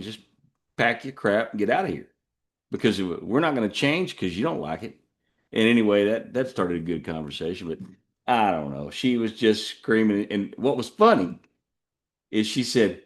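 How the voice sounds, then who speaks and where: A man's voice: on the low side, expressive, moderate pace. A Texan man hosting a show, telling a rambling folksy story full of asides. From Texas. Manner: folksy, digressive, drawling asides. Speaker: podcast host.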